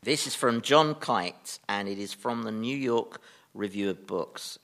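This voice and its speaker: A man's voice: lowish voice, measured pace. A man on a radio comedy panel show, teasing the host with mock outrage and reading out a cutting. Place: radio studio with live audience. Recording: loud hiss and audience.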